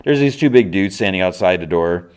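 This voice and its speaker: A podcast host recapping a show scene in a loose, rambling way, full of "like" and restarts. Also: male voice, low-pitched, expressive, a little fast, darkish tone, clear, resonant tone.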